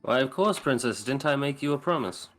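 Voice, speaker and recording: Soft-spoken tabletop player, faint music behind. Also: medium pitch, expressive, fairly quick. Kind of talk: playing a character in a tabletop game.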